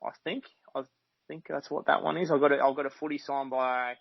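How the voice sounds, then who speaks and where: A man's voice: on the high side, steady tone, a little fast, creaky, no room sound. An Australian man, a mechanic, chatting casually as a podcast guest, rambling and swearing freely. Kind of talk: casual chat. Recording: dry, slightly dull podcast audio.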